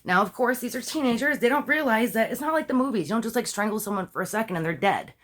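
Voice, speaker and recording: A woman's voice: on the high side, expressive, quick pace. A woman telling a true-crime story in a casual, chatty way, with lots of asides, fillers and questions to her viewers. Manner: talks straight to viewers with questions.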